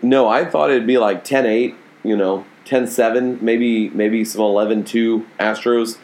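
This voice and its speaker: Low-voiced man in casual sports chat. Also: fairly even intonation, measured pace, a little mellow. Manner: loose, filler-heavy questions. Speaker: podcast co-host.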